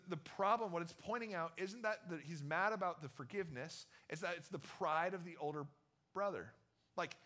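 A young man preaching to a youth group, his voice bright and forceful and pitched a little high. He talks casually, with plenty of slang, and acts out quotes as he tells Bible stories. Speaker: youth pastor. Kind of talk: sermon.

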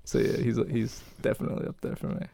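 A man's voice: quick pace, dark tone, dry recording. A man co-hosting a podcast, chatting casually in a rambling way full of restarts and filler words. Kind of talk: casual chat.

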